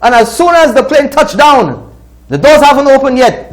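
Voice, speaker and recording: A man's voice: very high-pitched, very animated, normal speed. A man with a Saint Lucian accent, hosting a talk show and delivering indignant opinion commentary. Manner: indignant, scolding.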